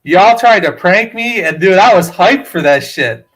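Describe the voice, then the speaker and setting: A man co-hosting a podcast, telling stories in an excitable, animated way in casual chat. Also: sits high, a little slow. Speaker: podcast co-host.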